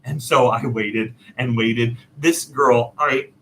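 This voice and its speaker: A man casually telling a personal story, animated and self-deprecating, laughing often. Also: mid-range voice, slow, slight background noise, poor audio. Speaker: storyteller host.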